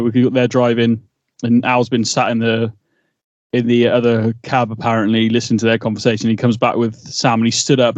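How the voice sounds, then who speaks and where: This podcast co-host has a medium-pitched, darkish voice and rambles through casual conversation, leaning on fillers and restarting often. The recording is dull, lo-fi and dry, with no echo.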